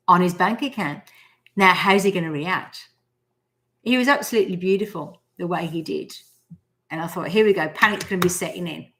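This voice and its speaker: Speaking in a mid-range, fairly bright voice, an Australian live-stream host in her 40s talks casually about manifesting. She's a chatty storyteller who acts out the quotes in her stories.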